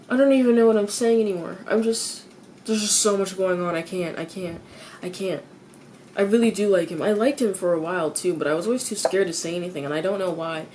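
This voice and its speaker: A teenage girl venting in a confessional vlog. She stops and restarts her sentences, repeats herself, swears freely, and her voice jumps high when she gets exasperated. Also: darkish tone, a little hiss or hum. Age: teens.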